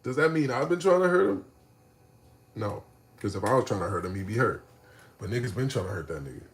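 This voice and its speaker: Guy ranting on his stream, cussing a lot, goes from low mumbling to yelling. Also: fairly quick. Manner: animated, profane, swings from low mutters to shouting. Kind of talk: livestream rant.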